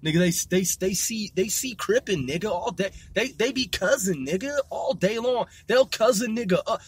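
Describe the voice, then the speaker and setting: A man's voice: sits high, a little fast, few pauses, breathy edge, no room sound. A man ranting in a rambling casual monologue, profane and full of street slang, circling back and repeating himself. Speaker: vlogger.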